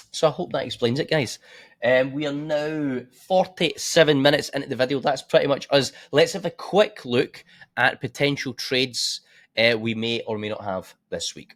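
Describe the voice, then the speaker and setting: Guy breaking down forex charts on a screen share, mid pitch, swears a lot, super blunt, keeps saying right?. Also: fairly bright tone. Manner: blunt, swears freely, talks straight to viewers with frequent "right?". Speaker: forex trading educator. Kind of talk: casual screen-share market analysis.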